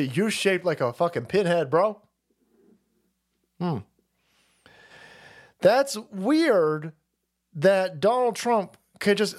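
A man's voice: fairly high pitch, animated, a little slow. A man hosting a livestream, ranting about politics in a heated, profane, repetitive way. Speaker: livestream host.

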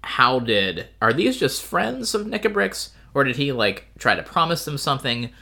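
A man co-hosting a book podcast in casual chat, relaxed, thinking aloud with "uh" and "um". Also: medium pitch, normal speed, vocal fry.

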